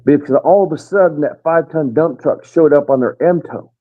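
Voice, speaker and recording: A retired American first sergeant casually tells army stories, rambling along and acting out what the soldiers he quotes said. His voice sits on the high side at a normal speed, heard over a tinny, phone-like line.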